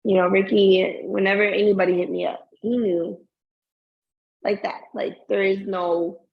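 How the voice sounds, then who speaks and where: A woman co-hosting a casual podcast chat, talking about her marriage in a heartfelt, drawn-out way. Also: medium pitch, little pitch movement, gravelly, lo-fi sound, slight background noise. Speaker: podcast co-host.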